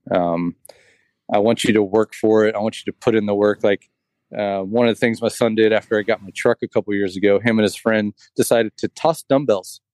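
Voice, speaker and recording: A man's voice: lowish voice, steady tone, fairly quick, darkish tone, no room sound. Dry-sounding rambling storyteller man. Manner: rambling storyteller, heavy on fillers like "like" and "you know". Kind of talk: casual chat.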